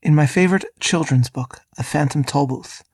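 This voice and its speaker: A man, a rabbi, hosting a scripted podcast lesson and reading in a measured, deliberate way. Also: fairly high pitch, darkish tone, husky, dry recording, clean studio sound, soft background music.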